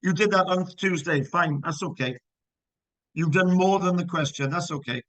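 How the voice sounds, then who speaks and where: A man's voice: high-pitched, moderate pace, a bit bright, no echo, poor audio. Upbeat male physics teacher, dry sound. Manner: encouraging, checks student work aloud, explains step by step. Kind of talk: live online class teaching.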